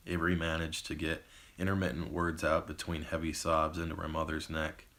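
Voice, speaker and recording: A man, the author, reading his own novel as measured audiobook narration. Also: rumbling low, monotone, a bit bright. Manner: measured storytelling.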